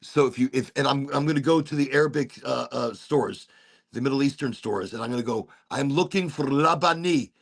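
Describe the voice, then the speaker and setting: A man hosting a casual podcast chat, telling stories in an animated way and swearing freely. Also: medium pitch, fairly quick, gravelly. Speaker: podcast host.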